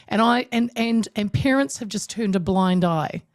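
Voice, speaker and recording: A woman's voice: mid-range voice, normal speed, dry recording, studio quality. A woman hosting a talk show interview, talking emphatically with lots of restarts. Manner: emphatic, animated, with many restarts. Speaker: radio talk show host. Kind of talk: casual interview chat.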